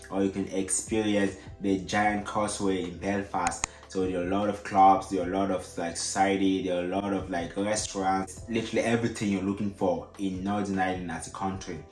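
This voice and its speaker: Man, African accent, low voice, casual vlogger, filler-heavy explaining, roomy echo. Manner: casual, repeats himself, many fillers.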